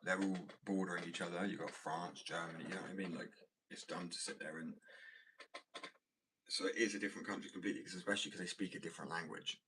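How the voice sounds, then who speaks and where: A man's voice: low voice, steady tone, fast talker, pushed and bright, a little hiss or hum, poor audio. A young man from Wales chatting casually on a livestream, rambling and swearing freely as he talks about his artwork. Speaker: streamer and artist.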